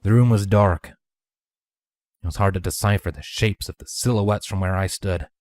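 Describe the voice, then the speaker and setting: Deep-voiced man reading a story. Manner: measured first-person narration, dropping to hushed whispers for dialogue. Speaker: narrator. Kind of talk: fanfiction audiobook reading.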